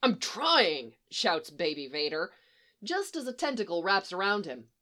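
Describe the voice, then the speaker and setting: Lively woman reading a story aloud. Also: on the low side, normal speed. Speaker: story reader. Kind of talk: scripted narration of a story.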